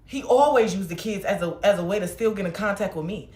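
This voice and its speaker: A woman's voice: medium pitch, quick pace, darkish tone, echoey room. A woman hosting a livestream, venting in a blunt, heated, profane way. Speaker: livestream host.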